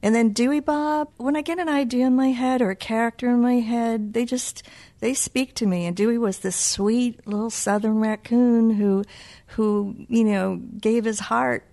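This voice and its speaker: A woman's voice: fairly high pitch, fairly even intonation, moderate pace, dark tone. A middle-aged woman with a Boston accent, a children's book author talking in a casual interview, playful and self-mocking.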